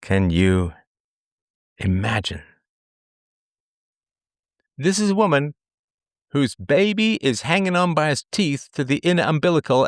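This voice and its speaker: A man's voice: on the high side, no room sound, studio quality. A man hosting a livestream monologue, reading statistics and repeating his phrases for emphasis. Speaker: livestream host. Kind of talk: commentary monologue.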